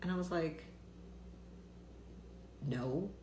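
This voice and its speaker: A woman's voice: low voice, animated, a little fast, echoey room, slight background noise. A woman doctor ranting bluntly on a casual live stream, swearing freely and talking with lots of fillers and restarts.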